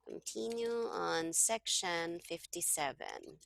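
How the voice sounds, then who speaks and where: Lady tutor on a video call, slightly low, bright voice, patient, checks in a lot. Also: lively intonation, takes it slowly, creaky, no echo. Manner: patient, checks understanding with frequent "okay?". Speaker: Tagalog tutor. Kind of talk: one-on-one online language lesson.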